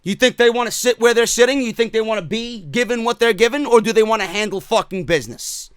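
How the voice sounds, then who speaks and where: A man's voice: sits high, fast, clear, resonant tone, no room sound. A man giving heated, profane, sarcastic commentary on wrestling in a vlog. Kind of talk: ranting commentary.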